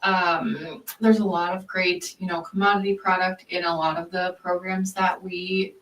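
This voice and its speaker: A woman with a fairly low voice speaks as an interview guest, friendly and measured, with the odd filler. She sits back from the mic in a room with a noticeable echo. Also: level tone, fairly bright tone. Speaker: nonprofit executive guest. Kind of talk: casual interview answers. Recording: echoey room, mic at a distance.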